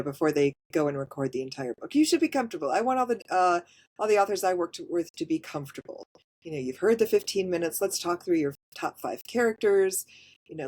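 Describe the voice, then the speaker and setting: A woman with a somewhat low voice, speaking as a guest in a relaxed podcast interview. She is frank and practical, explaining her work in a plain, matter-of-fact way. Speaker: voice actor guest.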